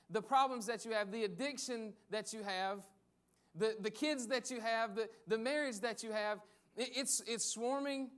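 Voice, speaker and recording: A man's voice: extremely high pitch, a bit bright, clear, resonant tone. A man preaching a conversational sermon, repeating phrases for emphasis. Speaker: pastor.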